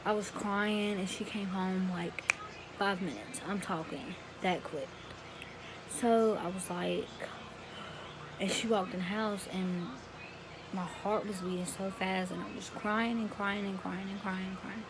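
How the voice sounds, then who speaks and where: A teenage girl talks to her camera, retelling a personal story in a loose, rambling, emotional way with plenty of slang. Her voice sits at an ordinary middle pitch for a young woman. A steady hiss of room noise runs under the recording. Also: normal speed. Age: teens. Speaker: vlogger.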